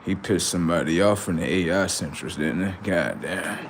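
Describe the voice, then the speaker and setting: A man's voice: deep voice, moderate pace, slight background noise. A man hosting a livestream in a rambling, slangy monologue, often murmuring asides to his viewers. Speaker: livestream host.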